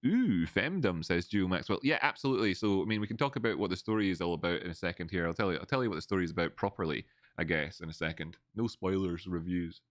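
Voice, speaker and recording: Rambling man, deep and dry. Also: lively intonation, fast talker, no room sound. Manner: rambling, many restarts, reads chat aloud. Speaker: livestream host. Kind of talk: casual livestream chat. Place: old building, indoors.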